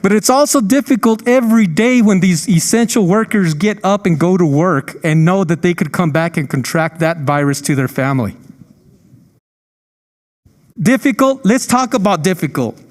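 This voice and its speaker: Impassioned high-voiced male senator. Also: normal speed, hardly any pauses, a little mellow, big-room sound. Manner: passionate, emotional, rhetorical. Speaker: state senator. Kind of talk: impassioned floor speech.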